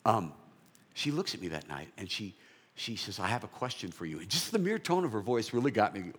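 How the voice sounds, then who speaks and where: Husky low-voiced guy preaching his testimony, lively ups and downs, goes quiet and whispery sometimes. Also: a little fast. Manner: storytelling, animated, drops to soft whispers. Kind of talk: sermon testimony.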